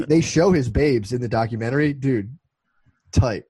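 A man's voice: mid-range voice, normal speed, mellow, breathy edge, dry recording, poor audio. A man in his twenties co-hosting a podcast, telling rambling, profane stories in casual chat. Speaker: podcast co-host.

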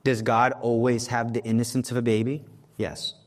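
A man's voice: mid-range voice, level tone, moderate pace. Earnest male preacher. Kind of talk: sermon on prayer.

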